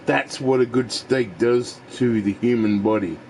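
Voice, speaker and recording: A man's voice: medium pitch, unhurried, darkish tone, a little hiss or hum. A man from Australia with an Australian accent, ranting profanely and opinionated while playing a game. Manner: profane, opinionated, mocking voices in quotes. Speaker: gaming streamer. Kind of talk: rambling casual rant while gaming.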